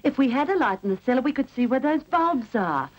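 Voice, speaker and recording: A woman's voice: high voice, very animated, a little fast. An actress playing a clinging, reproachful widowed mother in a 1960s TV drama. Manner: reproachful, wheedling. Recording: dull 1960s TV audio with faint hiss.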